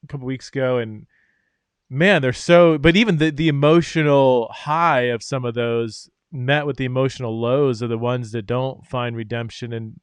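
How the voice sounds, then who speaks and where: A man hosts a conversational podcast and reflects on what his guest has said, musing aloud as he goes. His voice sits at a middling pitch, and the sound is dry with no room echo. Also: steady tone, normal speed, clean tone. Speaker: podcast host. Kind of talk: conversational interview.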